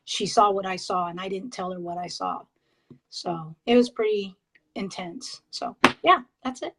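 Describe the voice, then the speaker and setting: A woman on a video call, a paranormal investigator, telling her experiences in an excitable, halting way with many fillers and restarts. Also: medium pitch, poor audio. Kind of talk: casual interview storytelling.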